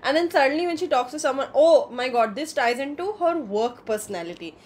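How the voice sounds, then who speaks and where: High-voiced young woman, exasperated storyteller. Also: expressive, fairly quick, darkish tone. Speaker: podcast co-host. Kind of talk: casual chat.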